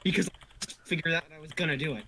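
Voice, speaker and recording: Dry-humored, higher-voiced man. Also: fast talker, pushed and bright, a little hiss or hum. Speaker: player. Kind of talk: casual tabletop game chat.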